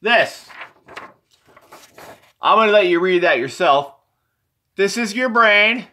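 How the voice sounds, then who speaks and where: Man, unscripted presenter, meandering and repetitive; bright, fairly high voice. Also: lively intonation, slow. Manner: meandering, repetitive, self-correcting. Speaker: presenter explaining his drawings. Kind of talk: rambling, unscripted explanation.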